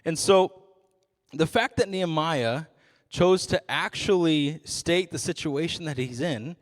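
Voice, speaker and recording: A man's voice: a little high, a little slow, in a large hall. Joking young man preaching to students. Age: young adult. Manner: casual, joking, self-deprecating. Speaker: youth ministry intern speaker. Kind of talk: youth sermon.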